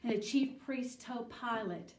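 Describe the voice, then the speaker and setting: A woman teaching a children's Bible study, telling the story slowly and deliberately and asking the children questions. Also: a little high, a little mellow. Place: church room. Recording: echoey room, mic at a distance.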